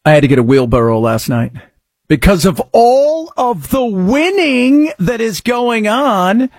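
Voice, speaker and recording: A middle-aged man hosting a talk show, speaking sarcastically and breaking into mock shouts. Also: sits high, big pitch swings, a little slow, no echo. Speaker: radio talk show host. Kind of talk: sarcastic political talk commentary.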